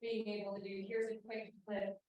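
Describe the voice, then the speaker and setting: A woman's voice: mid-range voice, flat delivery, normal speed, muffled recording, a little hiss or hum. A woman at a workshop hesitantly asking a question, with many ums and likes. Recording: echoey room, voice from far off.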